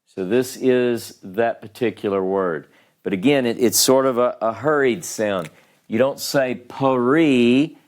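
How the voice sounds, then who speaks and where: In a classroom lesson, a Hebrew teacher with an unhurried, medium-pitched voice patiently walks beginners through the material step by step at the board, pausing to check in with his students.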